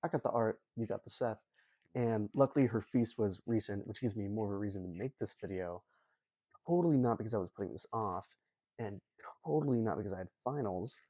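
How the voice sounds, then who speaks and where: Young guy hosting a chill lesson, kinda low mellow voice, jokey slangy asides, muffled lo-fi audio. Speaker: host. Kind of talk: casual storytelling lesson.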